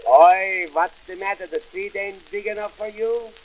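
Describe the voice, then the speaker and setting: A man playing Cohen, a wisecracking immigrant comic businessman, in 1920s vaudeville comedy record style with deadpan punchline patter. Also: high-pitched, measured pace, a little hiss or hum, poor audio. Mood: bickering.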